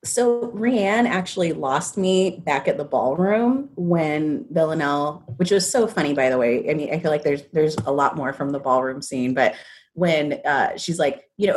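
A woman co-hosting a casual podcast chat, telling what happened with amused, animated storytelling. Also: low-pitched, moderate pace. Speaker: podcast co-host. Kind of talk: casual chat recapping a TV episode.

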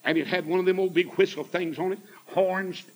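A man's voice: high voice, fairly even intonation, fairly quick, low-quality recording. A man preaching a sermon in a folksy, fervent storytelling manner.

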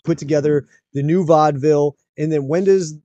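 A man's voice: fairly high pitch, fairly even intonation, fairly quick, mellow, no echo, lo-fi sound. A man hosting a casual podcast interview, chatty and joking with his guest. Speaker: podcast host.

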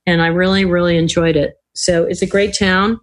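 A woman's voice: on the low side, little pitch movement, normal speed. An older woman, a podcast guest, telling stories in casual talk, acting out the voices she quotes and laughing often. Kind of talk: casual storytelling interview.

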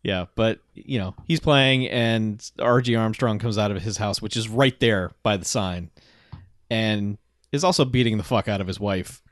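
A man's voice: on the low side, moderate pace, no room sound, studio quality. A man casually recapping a movie with a friend, joking and acting out the characters in silly voices. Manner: jokey, acts out characters in silly voices, laughs often. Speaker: podcast co-host.

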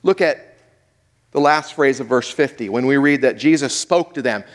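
A male pastor preaching a sermon, dramatic, swinging between loud and hushed, asking the audience questions. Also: medium pitch, normal speed. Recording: echoey hall with long reverb.

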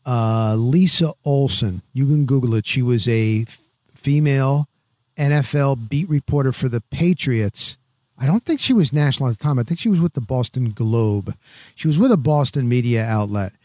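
A man in his sixties, a veteran sports reporter, telling stories on a podcast in an animated, rapid-fire way, full of "boom" and "blah, blah, blah". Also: no echo, clean studio sound. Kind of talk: casual podcast storytelling.

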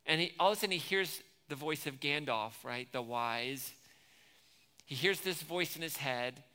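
A man's voice: on the high side, normal speed, bright, forceful tone, clean tone. A man preaching a sermon, retelling movie scenes and acting out the characters' lines with rising intensity. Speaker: pastor. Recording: long hall reverb.

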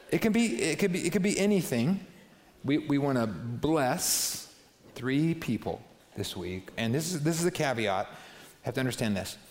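A male pastor giving a casual, conversational sermon full of asides and quick stories. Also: lowish voice, in a large hall. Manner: casual, chatty, lots of asides. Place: church sanctuary.

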